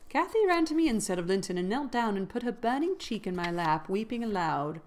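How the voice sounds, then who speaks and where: A woman reading a classic novel aloud in a measured narrating voice that grows louder at dramatic moments. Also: medium pitch, very animated. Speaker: reader.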